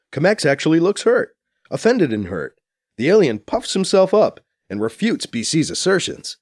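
A man narrating an audiobook with expressive, storytelling delivery. His voice sits a little high and swings widely in pitch. The recording is close and dry. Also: normal speed, no echo. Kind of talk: scripted narration.

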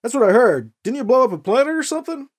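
A man's voice: very high voice, very animated, quick pace, husky, pitched above the performer's own voice, full character voice. A man doing a rambling ex-politician.

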